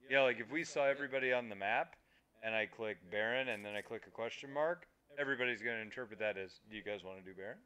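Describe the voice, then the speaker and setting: On a streaming mic, a man co-hosting a laid-back gaming podcast explains things with emphasis and casual swearing. He talks fast in a medium pitch, his tone pushed, bright and clean.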